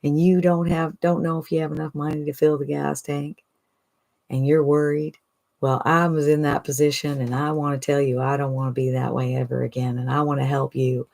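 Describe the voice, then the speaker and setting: A woman's voice: low-pitched, flat delivery, brisk, vocal fry, a little mellow. A woman imitating an earnest Southern man. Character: earnest Southern man sharing money worries.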